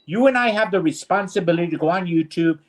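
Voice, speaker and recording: On a streamed talk show, a male co-host with a high-sitting voice rants quickly, bluntly and indignantly in casual discussion.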